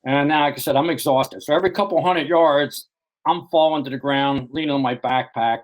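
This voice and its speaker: A man in an interview tells a long personal story. He rambles as he goes, with a steady stream of "you know" and sentences that restart midway. He is the author guest recounting what happened to him. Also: a little high, a little fast, rough recording.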